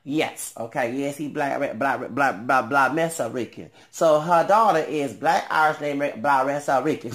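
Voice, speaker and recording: A man vlogging in a casual, rambling monologue. He thinks aloud with many ums, trails off, then bursts out louder. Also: medium pitch, a little slow, few pauses.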